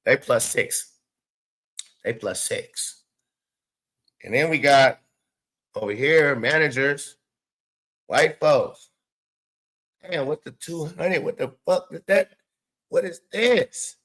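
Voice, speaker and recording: A man hosting a show, giving loose, excitable live reaction commentary with lots of swearing and laughing asides. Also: on the high side, takes it slowly, pauses often. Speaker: show host.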